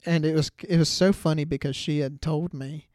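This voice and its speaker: A man's voice: on the high side, steady tone, a little fast, a little mellow, no echo, studio quality. A young man hosting a podcast, telling a story in a rambling casual way full of "like" and "you know". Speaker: podcast host.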